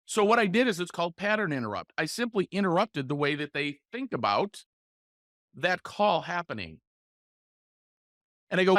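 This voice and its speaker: A male podcast host who coaches his listeners and breaks into short role-played sales calls, using deliberate pauses and changes in inflection. His voice sits fairly high for a man. The sound is dry and close, with no room echo. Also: big pitch swings, bright, forceful tone. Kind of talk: solo podcast coaching talk.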